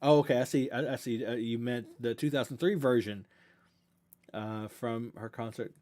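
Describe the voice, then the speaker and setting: A man's voice: medium pitch, normal speed, mellow. A young man from the US South with a Southern accent, hosting a casual livestream Q&A and talking in an earnest, rambling way. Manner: rambling, self-correcting, earnest and grateful. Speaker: reaction channel host.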